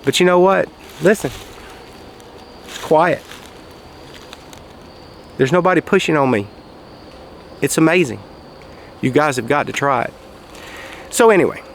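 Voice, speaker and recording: Gravelly folksy man outdoors. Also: fairly high pitch, slight background noise. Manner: folksy, raises his voice for quoted shouts. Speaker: vlogger telling a story. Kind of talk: casual storytelling monologue. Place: outdoors, quiet spot near traffic.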